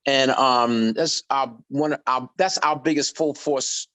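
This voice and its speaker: A middle-aged man, a guest on an interview podcast telling animated stories and acting out quoted voices. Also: mid-range voice, unhurried. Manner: lively anecdotes, acts out quoted voices. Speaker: guest musician.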